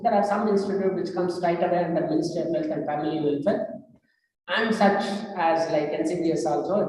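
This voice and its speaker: Indian-accented woman, low mellow voice, frank seminar speaker, echoey hall mic far off. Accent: Indian English. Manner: frank, advisory, many filler pauses. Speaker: guest speaker at career seminar. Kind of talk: lecture to students.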